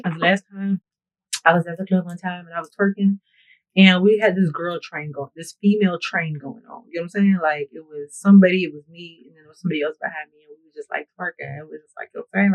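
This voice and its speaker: A woman's voice: fairly low pitch, quick pace, highs cut off. Chatty woman vlogger telling stories. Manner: playful, animated storytelling with frequent laughs; talks straight to viewers, often asking "you know what I'm saying?". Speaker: beauty vlogger. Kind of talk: get-ready-with-me casual chat.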